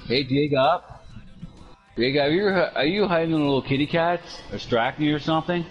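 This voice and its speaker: A man's voice: a little high, normal speed. A man giving playful commentary while playing a video game, teasing and joking with his brother. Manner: teasing, jokey banter aimed at his brother. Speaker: gaming commentator. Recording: dull lo-fi sound with music behind.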